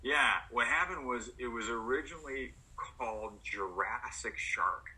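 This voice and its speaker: A man being interviewed as an actor, telling stories in an animated way and acting out what others said. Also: medium pitch, a little slow, low-quality recording. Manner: animated, acts out quotes. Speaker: actor guest. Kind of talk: storytelling in a podcast interview.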